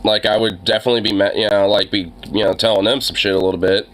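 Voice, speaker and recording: A man's voice: on the low side, level tone, fast, a bit bright. A young man ranting casually, with lots of fillers and swearing, sounding exasperated. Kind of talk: casual profane rant.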